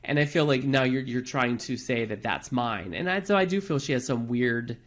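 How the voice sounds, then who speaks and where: A man's voice: mid-range voice, animated, moderate pace. A man co-hosting a podcast, chatting casually and gossiping about a reality show, often restarting his sentences. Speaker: podcast co-host. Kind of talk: casual chat reviewing reality TV.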